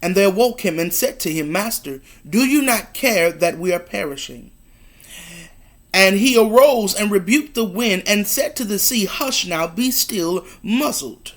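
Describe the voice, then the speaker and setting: A woman reads scripture aloud at an unhurried pace, humming small affirmations between the verses. She then preaches earnestly to her listeners, repeating key phrases for emphasis. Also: medium pitch, lively intonation. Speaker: devotional speaker. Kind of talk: Bible reading and encouraging sermon.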